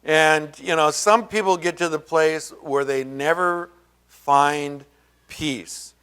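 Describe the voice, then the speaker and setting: Slow-talking pastor with a smooth voice. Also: male voice, steady tone, fairly bright tone. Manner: conversational, rambling with many fillers and asides; acts out quoted voices with raised pitch. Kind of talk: sermon.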